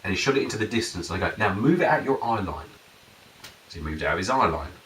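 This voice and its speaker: A man talks about his methods in a loose, rambling flow, now and then jumping up in pitch to act out the dialogue with his client. The sound is roomy and set back from the mic, with a faint hiss underneath. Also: animated, quick pace, a bit bright. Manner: rambling, acts out client dialogue in raised voices. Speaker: NLP and hypnosis practitioner. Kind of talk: casual explanatory talk. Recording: roomy echo, mic at a distance, faint noise.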